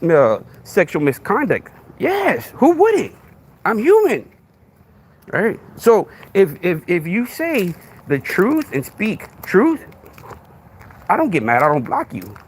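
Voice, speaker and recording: Man, Texan accent, gravelly, lively swinging pitch, confrontational, live stream host. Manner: confrontational, repetitive, rhetorical questions. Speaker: podcast host. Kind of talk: live stream talking to a commenter.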